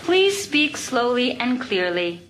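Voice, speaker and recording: An actress with an American accent voicing a polite, calm automated lift voice. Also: female voice, a little high, takes it slowly, full character voice. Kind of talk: sketch comedy acting. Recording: studio audience laughter behind.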